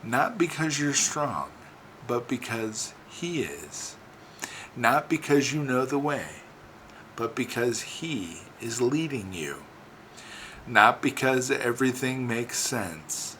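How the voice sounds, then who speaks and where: A man's voice: mid-range voice, a bit bright, slight background noise, low-quality recording. A man giving an inspirational sermon, speaking in rhythmic, repeated phrases that build to emphatic rises. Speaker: preacher.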